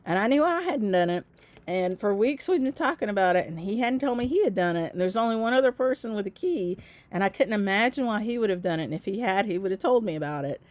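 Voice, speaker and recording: A middle-aged woman, casually telling viewers a long story, with laughing asides and lively quoting of others. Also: medium pitch, quick pace, no room sound. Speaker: craft channel host.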